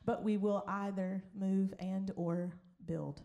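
A woman pastor tells a story from the pulpit. She is lively and quick to laugh, and her voice stays at a middle pitch. She slips into other people's voices as she goes. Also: vocal fry. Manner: animated, laughing, acts out voices in stories. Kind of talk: sermon storytelling.

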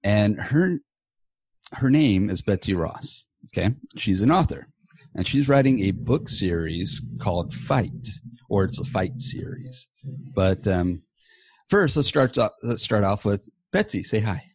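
A man's voice: fairly low pitch, expressive, measured pace, a little mellow. A man hosting a podcast from a small home office, chatting loosely and casually with a guest and swearing now and then. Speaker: podcast host. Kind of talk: casual chat. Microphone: earbuds.

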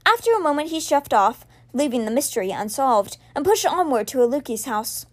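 A woman hosting a podcast, reading a children's novel aloud with expressive storytelling. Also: high voice, a little fast. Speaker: podcast reader.

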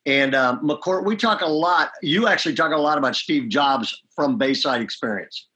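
A man's voice: a little high, moderate pace, bright, forceful tone. A man speaking as a pastor in a leadership interview, emphatic and often checking in with "okay?". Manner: emphatic, punctuates points with "okay?".

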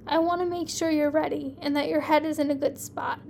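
A woman reading the lines of a steady, gentle male police investigator in a soft, reassuring way. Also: high voice, fairly quick, gravelly, slight background noise.

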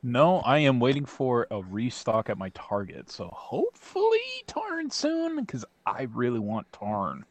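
A man co-hosting a casual podcast chat, joking with quick interjections. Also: medium pitch, huge pitch swings, no echo. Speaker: podcast co-host.

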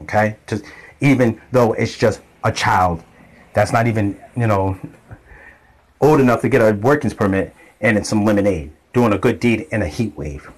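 A man's voice: on the low side, moderate pace. A man talking casually to camera, telling a rambling story about his town. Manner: rambling, repetitive, conversational.

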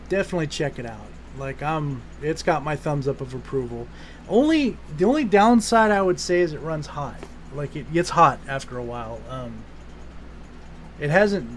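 Rambling male podcast host, higher voice. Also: slight background noise. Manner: rambling, swears casually, many restarts. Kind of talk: casual podcast chat.

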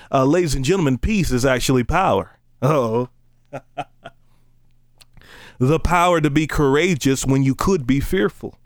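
A man preaching a casual, conversational sermon, joking between slow, emphatic scripture readings. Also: on the high side, no room sound, clean studio sound.

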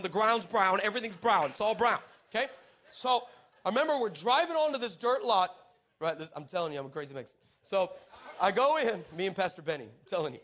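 High-voiced, animated male preacher. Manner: animated, playful, teasing the congregation. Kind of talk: comic storytelling sermon. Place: church.

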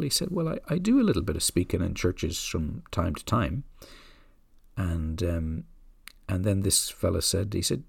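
A deep-voiced man with a gravelly, husky edge. He tells a story in a gentle, unhurried way and drifts into soft asides. The recording is close and dry, with no room sound. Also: dry recording. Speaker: podcast host. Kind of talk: reflective storytelling talk.

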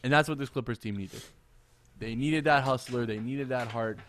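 A man co-hosting a casual sports podcast, animated and quick to laugh, often repeating himself. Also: mid-range voice, a little hiss or hum. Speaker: podcast co-host.

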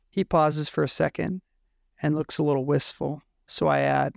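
A man's voice: on the high side, level tone, normal speed, creaky, no room sound, studio quality. A man reading a first-person romance story aloud in a candid, emotional way. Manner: emotional, candid narration with swearing. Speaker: fiction reader.

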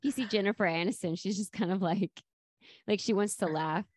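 A woman's voice: mid-range voice, a little fast, no echo, studio quality. A woman co-hosting a podcast, chatting casually about a sitcom episode and acting out quoted lines. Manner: lively, acts out quoted lines with laughter. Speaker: podcast co-host.

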